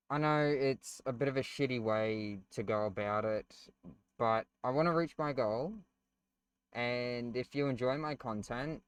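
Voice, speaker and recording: A young man talks through a game review in a casual, sarcastic way, cracking self-deprecating jokes and swearing freely. His voice is crisp and clear, and the recording is close and dry. He rambles a little, with ums and repeated words. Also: mid-range voice, dry recording. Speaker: gaming channel host.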